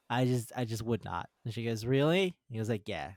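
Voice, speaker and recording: Man co-host, casual manga chat, animated and profane, acts out lines, dry booth sound. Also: fairly low pitch, moderate pace, no room sound. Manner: excitable, swears freely, acts out characters' lines. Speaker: podcast co-host.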